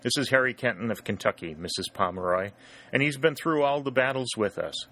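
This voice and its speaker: A man voicing a gentle, lively young cavalry scout. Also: medium pitch, a little fast, pitched above the performer's own voice. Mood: amused. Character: young cheerful male Confederate scout.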